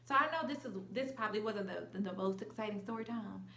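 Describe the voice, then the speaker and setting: A young adult woman telling a storytime vlog in a casual, slangy and animated way. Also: medium pitch, fast talker, gravelly, roomy sound. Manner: animated, slangy, acts out quotes. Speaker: vlogger.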